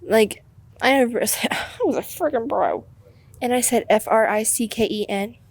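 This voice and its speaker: A teenage girl co-hosts a student podcast, chatting loudly and excitably. Her voice has a slightly husky, breathy edge. She laughs her way through quick stories. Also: on the high side, dry recording. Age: teens. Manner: loud, excitable, laughing often. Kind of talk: casual chat.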